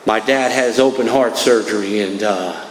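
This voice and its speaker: A man's voice: on the low side, moderate pace. A middle-aged man from New Jersey giving a conversational personal talk at a recovery meeting, peppering it with "man" and "right". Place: meeting hall. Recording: echoey hall, faint room noise.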